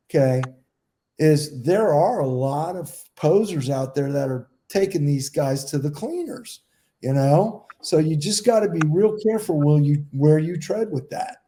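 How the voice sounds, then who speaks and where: A man with a slightly high, mellow voice, talking in a casual podcast round table. He speaks emphatically and at length, and swears freely as he makes his points. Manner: emphatic, profane, talks at length. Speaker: podcast co-host, goalkeeper.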